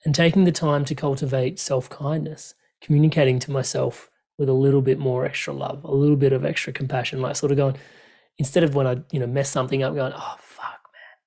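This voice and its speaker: Earnest man, mellow voice. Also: mid-range voice, level tone, fast, gravelly. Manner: open, earnest, many fillers and restarts. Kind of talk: reflective conversational chat.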